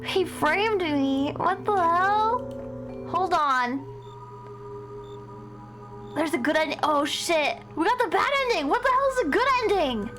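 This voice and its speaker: A young woman streaming horror games live, talking excitably and profanely and shrieking at the scares. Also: extremely high pitch, unhurried, pauses often, over music, rough recording. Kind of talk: live gameplay commentary.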